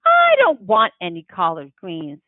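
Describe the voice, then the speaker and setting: A woman's voice: mid-range voice, wildly swooping pitch, measured pace, no room sound. A woman voicing a weary, fretful mother. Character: weary, worried mother of a family. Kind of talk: audiobook character voice. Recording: tinny phone-like dry sound.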